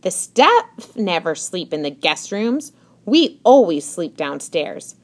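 A woman voicing a bossy, snappish young female maid in a storybook, with a sharp, scolding manner. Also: on the low side, sing-song, slow pace, heavily acted.

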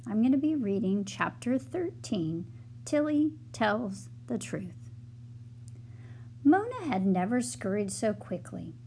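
A woman reading a children's chapter book aloud in a gentle, unhurried storytelling manner. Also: medium pitch, slight background noise. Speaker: storybook reader.

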